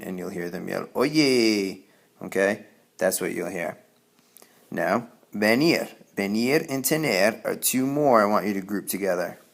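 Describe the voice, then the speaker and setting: Male Spanish teacher, low gravelly voice, patient explainer who keeps asking "okay?". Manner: patient, repeats "okay?" to check understanding. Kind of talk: classroom grammar lesson.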